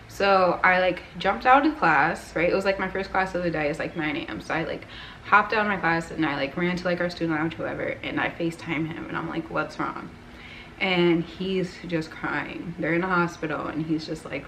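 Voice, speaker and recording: A young woman in her twenties talks straight to her camera, tearful and rambling, dropping "like" and "right?" into nearly every sentence. Her voice sits at an ordinary pitch for a woman. A faint hiss runs under the camera-mic recording. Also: normal speed, fairly bright tone, low-quality recording. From United States. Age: 20s. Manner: rambling, emotional, frequent "like" and "right?". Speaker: vlogger. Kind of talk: personal storytelling to camera.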